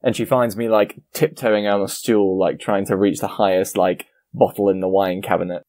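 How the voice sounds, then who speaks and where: A man's voice: fairly low pitch, steady tone, normal speed, darkish tone, dry recording. A man playing a tabletop game, jokey and casual. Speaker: player. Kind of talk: tabletop role-play chat.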